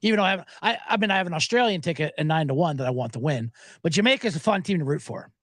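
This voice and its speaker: The sports betting podcast host speaks very fast in an expressive, fairly bright voice on the high side. The studio-quality recording has no room sound, and his talk is a loose, profane, joke-filled ramble with lots of asides.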